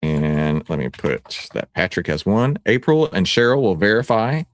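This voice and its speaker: A man with a Texan accent hosting a livestream, playful and teasing, often jumping to excited shouts. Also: low voice, normal speed, dry recording, studio quality. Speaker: livestream host. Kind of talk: animated livestream presentation.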